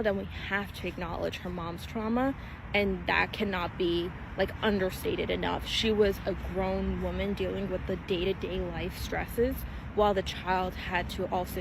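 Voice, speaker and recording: Brief: analytical commentator, mid-pitched voice, outdoor clip with traffic noise. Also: little pitch movement, moderate pace, vocal fry. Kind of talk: opinion commentary.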